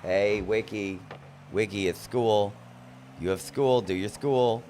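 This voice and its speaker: A man's voice: lowish voice, takes it slowly, a little mellow, a little hiss or hum. A man casually commentating his own gameplay on a live stream, playfully teasing his chat. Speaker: gaming streamer.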